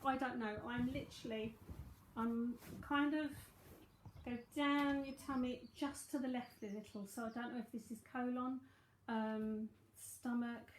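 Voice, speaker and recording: A woman's voice: on the high side, steady tone, a little slow, a little hiss or hum. Chatty London woman in an echoey room. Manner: chatty, rambling, thinking aloud with many fillers. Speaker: psychic medium. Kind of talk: live-streamed reading, casual chat.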